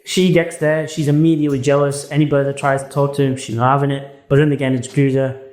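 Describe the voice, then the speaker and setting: A man talks in a loose, animated way. He recaps story after story, slips into quick impressions of the people in them, and swears freely. The sound is echoey, as if from a bare room. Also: medium pitch. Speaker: podcast co-host. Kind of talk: casual chat.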